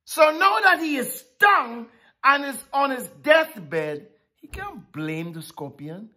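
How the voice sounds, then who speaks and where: A woman preaching a sermon, emphatic and drawn-out with dramatic pauses. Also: sits high, sing-song, pushed and bright.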